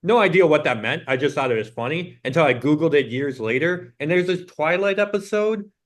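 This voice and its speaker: A man's voice: fairly high pitch, fairly quick. A young adult man co-hosting a podcast, talking casually and filling his sentences with "like". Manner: rambling, peppered with "like". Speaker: podcast co-host. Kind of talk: casual chat.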